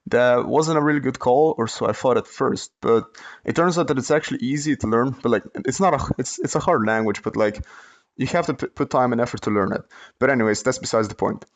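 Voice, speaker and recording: A man's voice: mid-range voice, brisk. A young man, telling a story in a casual, rambling way with many fillers and restarts. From Slovenia. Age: late teens. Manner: rambling, lots of fillers and self-corrections, laughs while telling. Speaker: vlogger, storyteller.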